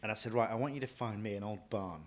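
A man, a chef and restaurant owner, telling stories from his career in a lively way, often acting out what he thought and said. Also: lowish voice, fast talker. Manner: lively anecdotal, quotes himself often. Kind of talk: casual interview storytelling.

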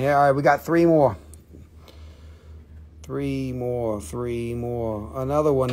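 A man selling rocks on a live auction stream, excitable and swearing, mocking himself as he slashes prices. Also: mid-range voice, a little hiss or hum. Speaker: live-stream rock seller. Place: shop.

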